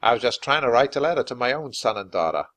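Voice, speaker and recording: A man's voice: mid-range voice, animated, close to an everyday voice. A man voicing an adult soldier captain in a storybook reading, with a firm, commanding manner. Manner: firm, commanding, loud, slow. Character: grown male soldier captain, gruff then kind.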